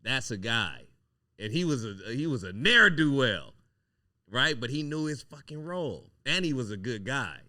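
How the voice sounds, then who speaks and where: A man's voice: mid-range voice, big pitch swings, moderate pace, pushed and bright, dry recording, clean studio sound. A man hosting a casual podcast chat, a rambling, profane storyteller who often restarts his sentences. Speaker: podcast host.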